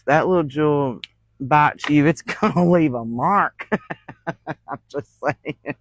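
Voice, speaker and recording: A woman's voice: sits low, dry recording, rough recording. A woman, hosting a crafting livestream and telling folksy stories with frequent laughter. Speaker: crafting channel host. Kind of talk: casual livestream storytelling.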